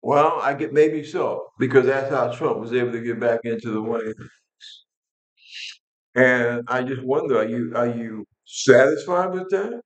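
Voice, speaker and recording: A man's voice: mid-range voice, unhurried, roomy sound, low-quality recording. An older man from New York, angry and blunt, ranting casually to his viewers with frequent restarts. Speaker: vlog host. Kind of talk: casual political rant to camera.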